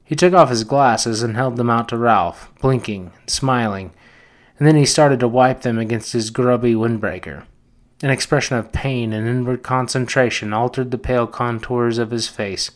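A man, a podcast host, reading a novel aloud in a steady, measured narration. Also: medium pitch. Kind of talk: audiobook narration.

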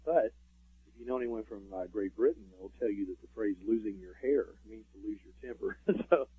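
A man's voice: on the low side, lively intonation, brisk, husky, dry recording. A man, a radio show guest, telling stories in casual interview talk with lots of fillers. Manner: rambling storyteller, many fillers. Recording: tinny phone line.

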